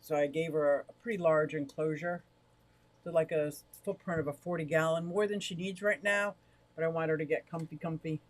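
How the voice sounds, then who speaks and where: A chatty, excitable man livestreaming from his home fish room into a directional mic, talking to viewers while fiddling with his gear. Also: on the high side, brisk, no room sound. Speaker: aquarium hobbyist livestreamer. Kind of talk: casual live stream chat to viewers. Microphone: directional microphone.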